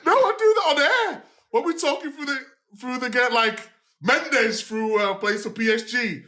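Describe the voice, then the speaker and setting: A man, co-hosting a football podcast and telling stories in a lively, laughing way. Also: very high-pitched, normal speed, roomy sound. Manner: lively, laughing, animated storyteller. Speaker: podcast co-host. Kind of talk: casual football podcast chat.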